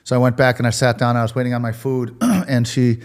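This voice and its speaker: A man, a restaurateur guest on a podcast, telling emotional personal stories in an animated way and acting out the dialogue. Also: medium pitch, brisk. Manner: animated, acts out quoted dialogue.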